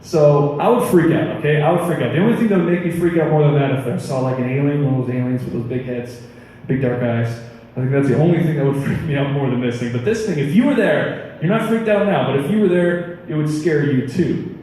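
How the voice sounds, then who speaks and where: A man preaching a casual youth sermon, animated and chatty, with a voice sitting a little high. He is heard from a distance across a reverberant hall, with long echo tails and faint room noise. He tells stories in a loose, conversational way. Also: a little fast. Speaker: youth pastor. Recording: echoey hall, mic far off.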